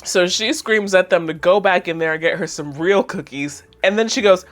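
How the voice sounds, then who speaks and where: A woman's voice: on the low side, moderate pace, soft background music. A woman in her twenties chatting casually as she recaps a cartoon, laughing often and saying "like" a lot. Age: 20s. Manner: chatty, laughing, heavy use of "like". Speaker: host.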